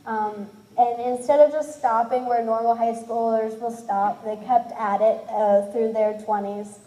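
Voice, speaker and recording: A woman in her twenties tells a personal story in a candid, self-deprecating way, slipping into the voices of the people she describes. Her voice sits a bit high and sounds mellow rather than bright. It is recorded in an echoey room. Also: steady tone, a little slow. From Cincinnati, USA. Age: 20s. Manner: candid, self-deprecating, acts out others' lines. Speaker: speaker sharing her testimony.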